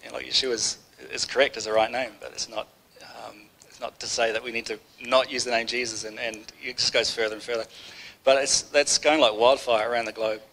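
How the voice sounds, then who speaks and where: A man's voice: mid-range voice, fairly even intonation, brisk, vocal fry, pushed and bright, low-quality recording. Man giving a rambling, conversational sermon. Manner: conversational, rambling, with many restarts. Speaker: preacher. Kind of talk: informal sermon.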